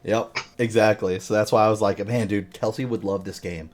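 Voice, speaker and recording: A man's voice: lowish voice, steady tone, brisk. A man hosting a podcast, telling long rambling gaming stories in casual chat and swearing constantly. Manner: rambling storytelling with heavy swearing. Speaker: podcast host. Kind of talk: casual chat about a video game.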